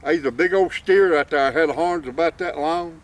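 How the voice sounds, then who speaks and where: A man's voice: a little high, normal speed. A man telling a folk tale in a folksy drawl. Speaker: storyteller. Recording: distant mic, faint outdoor noise.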